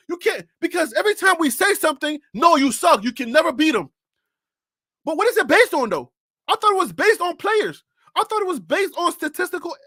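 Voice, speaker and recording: A man hosting a sports talk show, ranting in an exasperated, rapid-fire way and repeating himself as he argues. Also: extremely high pitch, sharp tone, no room sound, studio quality.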